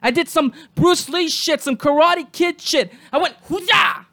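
Solo podcast host, high voice, profane angry rant with shouted peaks. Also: moderate pace.

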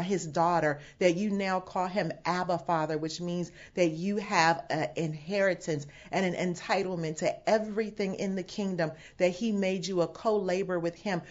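Lively woman pastor preaching, low voice. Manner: warm preacherly teaching with bursts of laughter and emphatic quotes. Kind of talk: sermon. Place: home setting away from the sanctuary. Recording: dull lo-fi sound.

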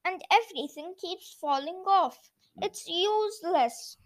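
A woman's voice: very high-pitched, expressive, slow pace, voice pushed up, exaggerated voice. A woman voicing a scheming male goblin who talks in a persuasive, wheedling way.

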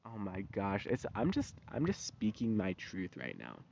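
A man's voice: on the low side, wildly swooping pitch, normal speed, vocal fry, darkish tone, a little hiss or hum. A man ranting in a casual monologue, heated and slangy, swearing freely. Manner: profane, heated, loose and slangy. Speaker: vlogger. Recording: dull lo-fi recording.

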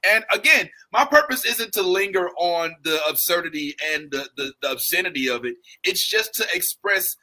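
A man with a high, very bright voice hosts a casual podcast. His pitch swings widely as he talks. He laughs often and keeps restarting his sentences. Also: animated, moderate pace, hardly any pauses, rough recording. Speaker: podcast host. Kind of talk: casual chat.

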